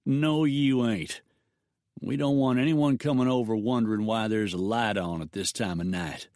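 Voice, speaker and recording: A man voicing a menacing outlaw leader who makes slow, drawling threats. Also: medium pitch, a little mellow, no echo, clean studio sound, close to an everyday voice.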